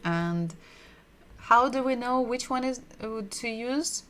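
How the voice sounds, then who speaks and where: A woman giving a livestreamed language lesson, patiently repeating sounds and words slowly so learners can drill them. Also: fairly high pitch, a bit bright, a little hiss or hum. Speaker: Russian language teacher.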